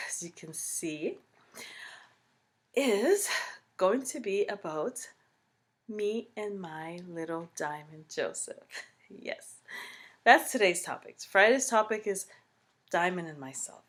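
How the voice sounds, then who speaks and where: A young woman with a Caribbean English accent talks straight to her viewers in a casual storytime vlog. She is chatty and expressive, getting loud on some phrases and then dropping into soft, whispery asides. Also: lowish voice, takes it slowly, pauses often. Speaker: vlogger.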